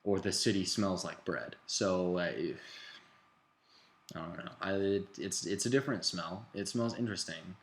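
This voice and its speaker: Low-voiced young man rambling to camera. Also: moderate pace. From United States. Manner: rambling, self-deprecating, restarts phrases. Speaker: exchange student vlogger. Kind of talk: casual video diary. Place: indoors at home, living room.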